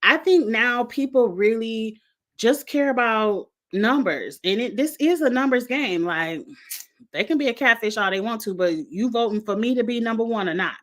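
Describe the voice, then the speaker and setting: A woman's voice: a little high, animated, normal speed. A woman hosting a casual recap of a reality show, chatty and frank, sometimes talking straight to the contestants. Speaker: reality show reviewer, host.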